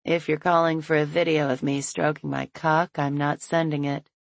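A woman reading the lines of a teasing, wry grown man in an audiobook, in a dry, low-key manner. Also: flat delivery, moderate pace, vocal fry, dry recording.

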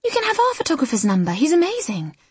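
A woman voicing an excitable young woman friend in an audiobook, eager and quick. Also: medium pitch, breathy edge, dry recording. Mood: bright.

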